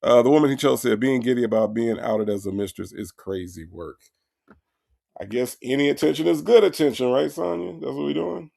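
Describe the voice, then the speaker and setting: Reacting to a jail phone call on a comedic stream, a male host sounds incredulous and mocking, repeats lines for effect, and reads out viewers' comments. His medium-pitched voice is fairly quick, creaky, and slightly mellow.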